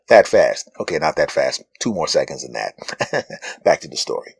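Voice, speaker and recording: Gravelly and slightly rough, this man speaks at a moderate pace in a dry, studio-quality recording made on a phone. As a podcast host, he animatedly tells a funny story about being judged, mocking the other people in high voices.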